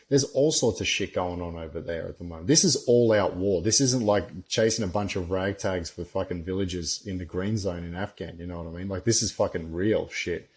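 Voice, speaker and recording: A man's voice: fairly low pitch, darkish tone. A man, a former soldier, talking bluntly and rambling in a casual podcast chat, swearing constantly.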